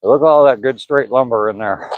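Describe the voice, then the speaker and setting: An older Southern man ambles along a wooded trail, chatting with his livestream viewers in an easygoing, rambling way. His voice sits at an ordinary pitch for a man. The phone audio is somewhat dull and dry, with no room around it. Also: a little fast, no echo. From Southern US, Georgia. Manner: easygoing, rambling, chuckling, reading chat aloud. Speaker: vlogger livestreaming a walk. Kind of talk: casual livestream chat while walking. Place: outdoors on a walking trail by pine woods. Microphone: phone camera held while walking.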